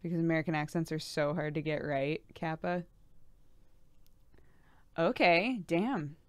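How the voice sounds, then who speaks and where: Smooth low-voiced woman streamer. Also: a little slow, no echo. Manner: reads chat aloud, laughs often, chatty and candid. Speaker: game streamer. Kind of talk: casual chat with stream viewers.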